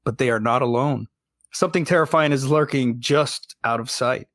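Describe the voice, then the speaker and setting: A man's voice: mid-range voice, moderate pace, fairly bright tone, no echo, clean studio sound. A man co-hosting a horror podcast, reading out a film's plot summary. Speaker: podcast co-host.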